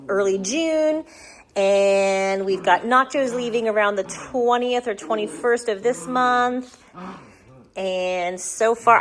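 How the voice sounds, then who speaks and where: A woman hosting a casual home vlog from her living room, chatty and giggly, talking to viewers and breaking into baby talk with puppies. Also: mid-range voice. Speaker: dog breeder and channel host.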